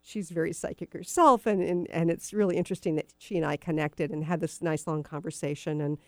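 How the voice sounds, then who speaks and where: Chatty, low-voiced woman radio host. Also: fairly even intonation, a little fast, no room sound, studio quality. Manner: chatty, meandering with frequent fillers. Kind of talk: casual storytelling on talk radio.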